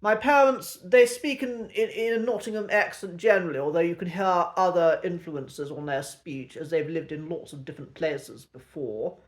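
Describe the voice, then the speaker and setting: Host, male, posh English RP, light high voice, measured delivery with ums. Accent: posh English Received Pronunciation. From England. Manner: measured and precise, with frequent ums. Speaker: accent teacher and channel host. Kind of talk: reflective solo talk to camera.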